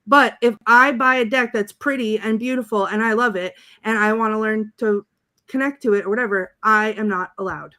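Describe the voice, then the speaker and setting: A woman's voice: fairly high pitch, steady tone, moderate pace, pushed and bright. Chatty woman telling a rambling story. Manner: rambling storyteller with many fillers. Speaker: podcast co-host. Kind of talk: casual chat.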